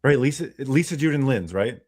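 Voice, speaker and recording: An encouraging man speaking on a casual livestream. He coaches listeners warmly and keeps an upbeat, lively manner. He talks directly to viewers by name. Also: medium pitch, fairly quick. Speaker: stream guest.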